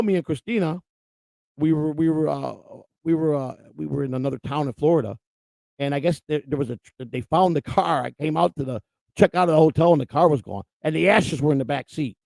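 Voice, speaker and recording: A man's voice: a little high, brisk, creaky, a little mellow, no room sound. A man hosting a livestream show, telling a rambling personal story in a casual, profane way. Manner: rambling, profane, laughs at his own story.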